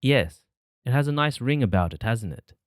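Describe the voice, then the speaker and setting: A man's voice: mid-range voice, moderate pace, dry recording, studio quality, lightly acted. A man reading a composed teenage girl who speaks evenly and firmly, in an audiobook. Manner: even, firm.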